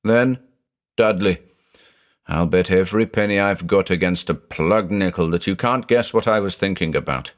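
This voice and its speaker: A man's voice: sits low, moderate pace, natural voice. A man reading a haunted older judge who talks in an intense, growling, confessional way. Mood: teasing. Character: haunted, obsessive older male judge, brooding.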